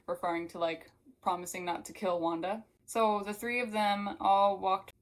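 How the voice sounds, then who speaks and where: Woman, book reviewer, chatty, filler-heavy, middle pitch. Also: level tone, normal speed, rough recording. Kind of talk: casual book recap with read-aloud passages.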